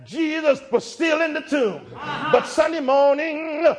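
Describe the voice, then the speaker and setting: A man with a very high voice preaches in a church. He speaks in rhythmic, repeated phrases and climbs from low, thoughtful passages to full shouts. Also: a little slow. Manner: rhythmic, building to shouted climaxes. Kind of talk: sermon.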